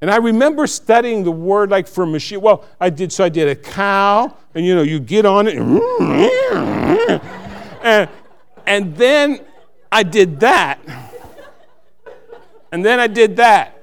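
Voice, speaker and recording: A man's voice: high voice, lively intonation, unhurried, clear, resonant tone. A man giving a church testimony, earnest and self-mocking, laughing at his own stories.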